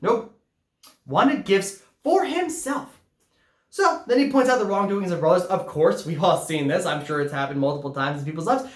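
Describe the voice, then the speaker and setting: A woman preaching a sermon in a lively, conversational way. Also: lowish voice, moderate pace, reverberant.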